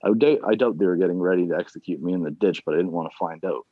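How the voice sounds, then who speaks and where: A man reading his own fiction aloud at an online reading series, plain and unhurried, with casual asides between chapters. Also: sits low, no room sound. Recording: dull, dry lo-fi sound.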